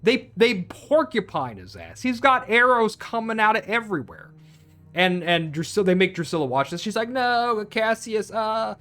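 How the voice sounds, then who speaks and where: Faint music plays behind a high, very animated male voice that's bright and forceful at a moderate pace. The film reviewer rambles profanely through a movie's plot, restarting often and chasing tangents.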